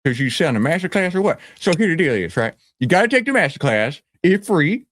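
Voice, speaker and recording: A man's voice: on the high side, big pitch swings, a little fast, fairly bright tone, no echo, clean studio sound. A man playing a brash, boastful stock-hype guru who talks in swaggering slang and rambles. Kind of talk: comedic character skit.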